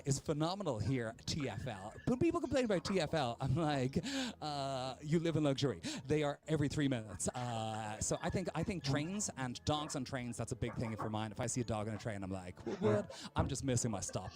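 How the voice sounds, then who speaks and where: A young Irish man with an Irish accent, a comedian hosting a charity stream with rambling, playful stand-up banter. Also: medium pitch. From Ireland. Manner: rambling, self-interrupting, playful.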